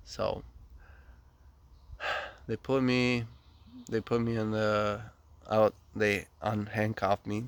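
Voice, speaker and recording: A man's voice: slow, pauses often, smooth. A young man telling a story casually and animatedly, acting out the dialogue. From Ukraine. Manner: animated, acts out dialogue with rising pitch. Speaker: vlogger.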